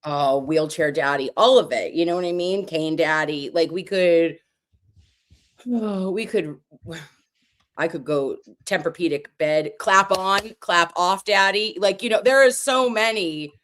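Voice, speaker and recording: A woman's voice: fairly low pitch, slow pace, a bit bright. A woman guest telling self-mocking stories in a casual chat, swearing now and then.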